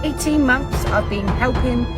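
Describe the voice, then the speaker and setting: Insistent woman over loud music. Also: sits high, a little slow. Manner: insistent, repeating herself.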